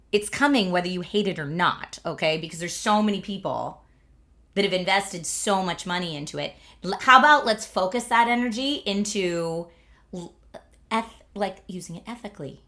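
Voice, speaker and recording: A woman's voice: fairly low pitch, pushed and bright. A woman in her thirties from Pennsylvania hosting a livestream, chatting casually, laughing often and filling with "like". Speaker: livestream host.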